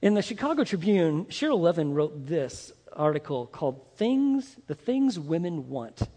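A man with a high, bright voice preaches with force, talking straight to his listeners and pushing rhetorical questions at them. His sermon rings out with a long reverb, as if spoken across a large church hall. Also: very animated, moderate pace. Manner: emphatic, addresses listeners directly with rhetorical questions. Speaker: pastor.

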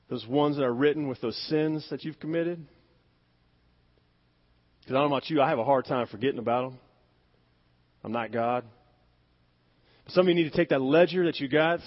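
A man preaching a sermon with emphatic delivery, dropping to near-whispers and rising to stressed loud words, asking the congregation to repeat phrases after him. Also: on the high side. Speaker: pastor. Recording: dull lo-fi sound.

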